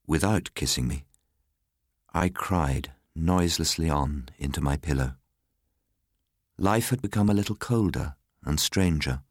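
A man narrating a story aloud in an expressive, storytelling way. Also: very deep voice, dry recording, clean studio sound.

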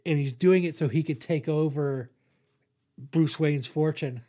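A man's voice: fairly high pitch, a little slow, warm tone. A young man in casual chat, hosting a podcast and retelling a comic issue in a rambling, profane way full of fillers. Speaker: podcast host reviewing comics.

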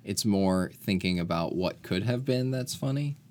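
A man with a fairly low voice chats casually about a film. He rambles through the plot, often breaking off and correcting himself. He sounds relaxed and conversational. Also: moderate pace. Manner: rambling, self-correcting retelling. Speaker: podcast co-host. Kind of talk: casual movie recap chat.

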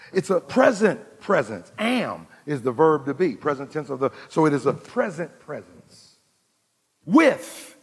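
Male pastor preaching, high gravelly voice, husky, long church reverb. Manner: preaching with call-outs to the congregation, swinging from loud to hushed. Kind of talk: sermon.

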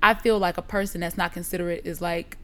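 Chatting casually, a woman with a fairly low, quick voice tells an animated story full of profanity. She acts out what people said as she goes.

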